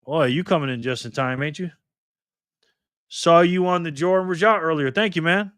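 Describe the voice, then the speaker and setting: A man hosting a live stream in a loose, joking way, reading the chat messages out loud. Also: a little high, normal speed, clean tone, no echo, studio quality. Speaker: livestream host.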